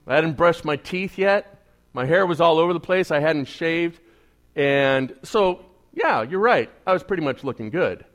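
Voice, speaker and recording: Male evangelical pastor, slightly higher voice, chatty storytelling sermon with hushed asides and punchy emphasis. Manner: conversational, checks in with the congregation; swings between quiet asides and emphatic bursts.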